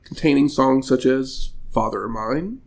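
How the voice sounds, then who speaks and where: A man's voice: medium pitch, measured pace, gravelly. A man co-hosting a podcast in a casual chat, reading out history facts and adding dry remarks. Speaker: podcast co-host.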